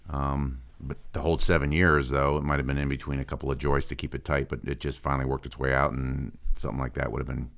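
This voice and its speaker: A man with an extremely deep, smooth voice speaks as a guest on a radio home show. His delivery is plain and matter-of-fact, with very little rise and fall. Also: little pitch movement, fast talker, hardly any pauses, fairly bright tone. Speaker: industry guest. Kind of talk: radio interview.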